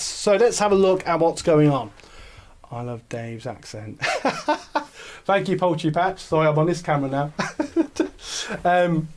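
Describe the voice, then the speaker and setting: A chatty English man hosts a casual live stream from his home setup, with a voice that sits a little higher than most men's. He rambles easily, full of ums and self-corrections, as he talks to viewers. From England. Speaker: YouTube channel host.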